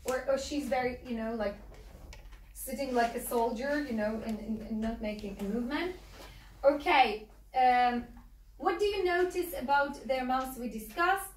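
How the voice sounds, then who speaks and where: In an echoey classroom recorded from a distant mic, a high-pitched woman gives instruction at a moderate pace. She's Ukrainian with a Ukrainian accent and speaks Russian natively. Her teaching is full of fillers and repeated "okay?" checks.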